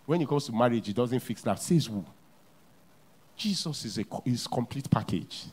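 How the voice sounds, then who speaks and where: A man preaching a sermon as pastor in a church, with a Nigerian English accent, repeating key lines and swinging from hushed to loud. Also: medium pitch, lively intonation, moderate pace, breathy edge.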